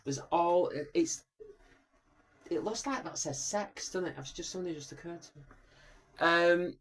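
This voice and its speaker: A man's voice: fairly high pitch, lively intonation, moderate pace, a bit bright. A man co-hosting a casual podcast, joking, interrupting and dropping into impressions. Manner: jokey, interrupting, breaks into impersonations. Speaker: podcast co-host.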